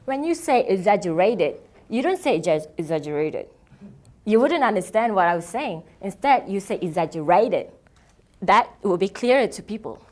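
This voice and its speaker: Young woman giving a student presentation. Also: medium pitch. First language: not English. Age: young adult. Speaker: student keynote speaker. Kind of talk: prepared presentation. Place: event stage.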